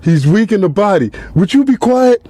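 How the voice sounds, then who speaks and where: A man voicing a loud, pushy male boxing coach who barks orders. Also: sits high, big pitch swings, normal speed, no echo, pitched above the performer's own voice. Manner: shouting, brash, domineering.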